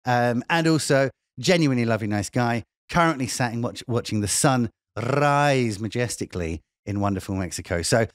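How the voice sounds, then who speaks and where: A man's voice: medium pitch, lively intonation, normal speed, few pauses, no room sound, studio quality. A man hosting a live online talk show, rambling jokily and teasing himself as he introduces his guest. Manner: jokey, rambling, self-mocking. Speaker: host.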